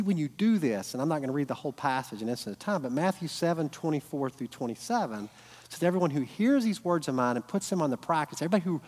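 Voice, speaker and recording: A man's voice: medium pitch, a little mellow. A middle-aged man preaching a sermon, telling family stories with earnest build-ups to emphatic points. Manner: earnest storytelling, rising to emphatic peaks. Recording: long hall reverb.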